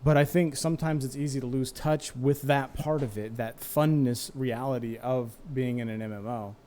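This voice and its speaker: A man's voice: mid-range voice, fairly even intonation, normal speed, darkish tone, a little hiss or hum. A man in his thirties, host of a streamed gaming talk show, talking candidly and rambling about old raid nights. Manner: candid, rambling, self-mocking, laughs easily. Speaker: podcast host and former raid leader.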